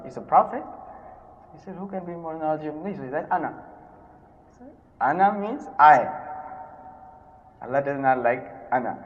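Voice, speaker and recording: A man delivers a sermon in a somewhat high voice, slipping into Hindi-Urdu phrases. He tells stories with sudden loud stresses and quiet drops. The recording is dull and carries a long reverb from a large hall. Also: a little hiss or hum. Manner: storytelling with loud emphatic rises and sudden soft drops. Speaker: preacher.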